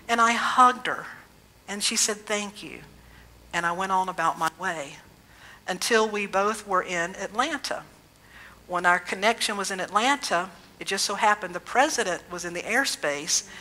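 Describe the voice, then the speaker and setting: A woman minister giving a sermon in a gentle, reflective storytelling way, slowing down for emphasis. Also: mid-range voice, slight background noise, rough recording.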